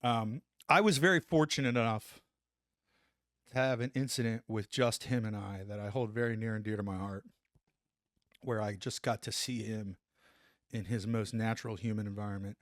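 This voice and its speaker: A middle-aged man and former soldier telling a story on a podcast, animated, acting out what people said and saying "like" often. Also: lowish voice, normal speed, no echo, studio quality. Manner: animated, acts out quotes, says "like" a lot. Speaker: podcast guest, former Army Ranger. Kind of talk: casual storytelling.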